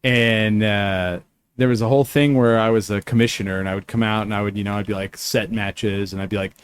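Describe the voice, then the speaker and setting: A man's voice: on the low side, steady tone, brisk, a little hiss or hum. A man hosting a casual chat, telling a story with lots of fillers and restarts. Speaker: podcast host.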